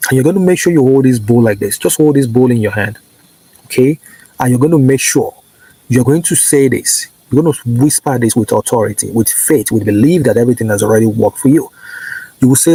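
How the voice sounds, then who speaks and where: Husky-voiced man preaching step by step. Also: medium pitch, dark tone, poor audio. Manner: repetitive, coaxing, peppered with "okay" and "right"; slow, declarative prayer lines. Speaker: spiritual teacher. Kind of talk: instructional preaching to camera.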